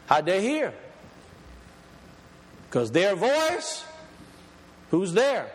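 A man preaching a sermon, emphatic, reading scripture slowly and deliberately. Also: high voice, wildly swooping pitch, husky, in a large hall.

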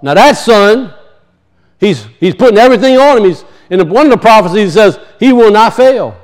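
A man preaching a sermon, emphatic, slowing down to teach word meanings and dropping low and quiet for weight. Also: lively intonation. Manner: emphatic, slows to teach words, drops low and soft for weight.

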